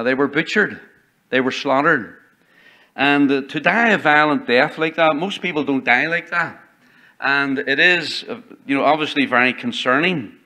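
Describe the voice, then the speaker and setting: Bright-voiced man preaching a sermon. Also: on the high side. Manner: preaching with rising emphasis, reading scripture aloud. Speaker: pastor. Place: church sanctuary.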